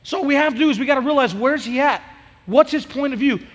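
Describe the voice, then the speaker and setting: A man preaching a sermon as a youth pastor, energetic and conversational, acting out bits of dialogue. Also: extremely high pitch, fast, in a large hall.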